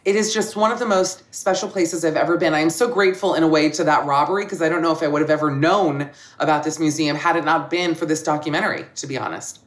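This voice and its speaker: A woman guest on a comedy podcast, telling stories in an animated, joking way and laughing often. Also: low-pitched, fast, hardly any pauses. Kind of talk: casual comedic chat.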